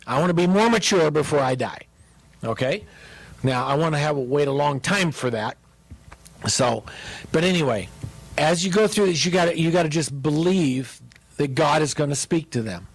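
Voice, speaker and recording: A man pastor teaching about marriage, joking and animated as he speaks to his listeners. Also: a little high, normal speed, husky, no room sound, poor audio.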